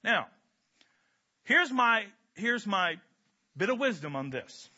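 A man preaching a sermon as a pastor, animated and joking in a conversational way. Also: sits high, takes it slowly. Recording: dull lo-fi recording.

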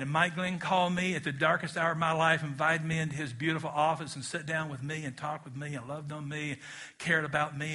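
A man preaching a sermon to a congregation, animated and leading them in call-and-response. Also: fairly high pitch. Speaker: pastor.

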